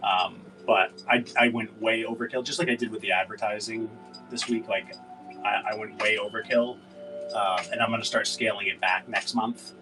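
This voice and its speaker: A man on the low side speaks with a steady tone at a moderate pace, hosting a casual seller livestream over music. The distant mic and low-quality recording capture his rambling, profane, filler-heavy talk.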